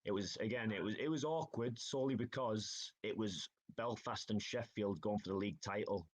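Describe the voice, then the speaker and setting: A man's voice: on the low side, normal speed. A man, a hockey player telling stories in a casual podcast interview. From Northeast England. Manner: chatty storytelling, says "aye" and "like". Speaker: ice hockey player guest.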